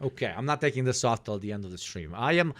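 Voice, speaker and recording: A man's voice: medium pitch, lively intonation, quick pace, fairly bright tone, dry recording. A man streaming casual commentary over news clips, sarcastic and swearing, joking between remarks. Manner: sarcastic, swearing, jokey asides.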